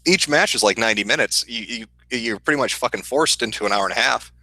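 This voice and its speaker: A man with a Midwestern accent, hosting a casual livestream and answering chat questions in a profane, deadpan, sardonic way. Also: mid-range voice, fast talker, dry recording, low-quality recording. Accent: Midwestern American.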